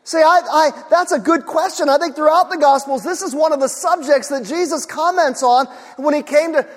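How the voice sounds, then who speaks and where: A man's voice: very high-pitched, normal speed, in a large hall. A male pastor preaching a sermon, earnest, repeating key phrases for emphasis.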